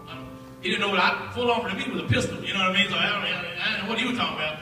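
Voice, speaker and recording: Animated man in echoey hall. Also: high voice, very fast, far from the mic, over music. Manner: animated, acts out voices. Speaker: guest speaker. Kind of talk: storytelling testimony. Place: school chapel hall.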